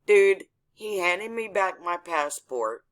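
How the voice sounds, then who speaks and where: Woman, casual storyteller, blunt and profane, slow delivery. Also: sits low, bright, forceful tone.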